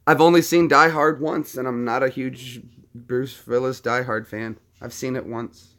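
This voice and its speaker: A man's voice: mid-range voice, steady tone, a little slow, a bit bright. A man casually chatting with his live-stream viewers between impressions, rambling and friendly. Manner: chatty, rambling, talks to chat.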